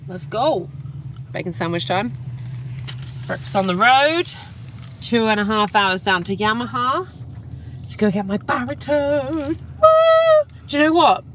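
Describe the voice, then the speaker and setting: A woman, a professional saxophonist, chatting excitedly in a casual vlog. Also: medium pitch, slight background noise. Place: in a car and out and about.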